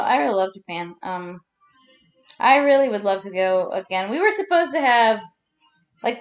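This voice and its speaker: A woman in her thirties telling personal stories to camera in a chatty, rambling way, laughing as she goes. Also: mid-range voice. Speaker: vlogger. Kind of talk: casual personal storytelling.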